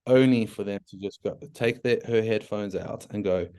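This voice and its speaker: A man's voice: on the low side, normal speed, clean tone. South African man telling his story. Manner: frank and animated, many restarts and "like" fillers. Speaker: podcast guest. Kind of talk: casual storytelling interview.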